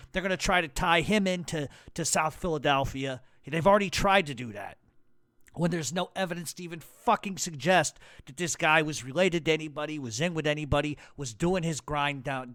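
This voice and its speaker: A man's voice: a little high, fairly bright tone, no room sound, studio quality. A man with a New York accent hosting a podcast, delivering a blunt, heated rant full of swearing. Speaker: podcast host. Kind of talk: profane angry rant.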